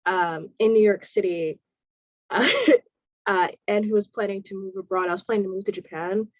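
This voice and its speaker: A woman's voice: mid-range voice, steady tone, normal speed, dry recording. A woman from the United States, chatting casually with lots of fillers during an online meetup. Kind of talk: casual chat. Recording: dull lo-fi video call audio.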